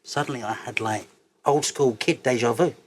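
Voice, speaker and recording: A man, an interview guest telling stories in a loose, sweary, animated way and laughing as he goes. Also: mid-range voice, moderate pace, slight background noise. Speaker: interview guest, cannabis entrepreneur. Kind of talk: casual interview storytelling.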